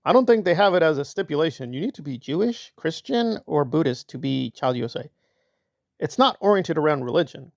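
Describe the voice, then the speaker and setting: A man's voice: fairly high pitch, animated, brisk, gravelly, no echo, clean studio sound. A man hosting a commentary channel, talking sarcastically and mocking the people he discusses. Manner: sarcastic, mocking impressions of others. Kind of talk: reaction commentary.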